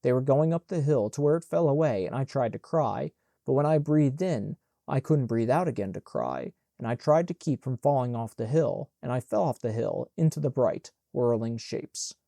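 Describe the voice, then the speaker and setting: A man reading an audiobook in a measured, plain narration on a close mic. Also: mid-range voice, expressive, gravelly, warm tone, dry recording.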